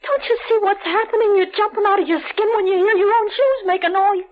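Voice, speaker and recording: A frantic young wife, her very high voice pleading and near tears as she begs in rough slang. It comes through a dull, lo-fi vintage radio drama recording. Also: brisk. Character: desperate frightened young wife of a small-time dancer. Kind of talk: 1940s radio acting.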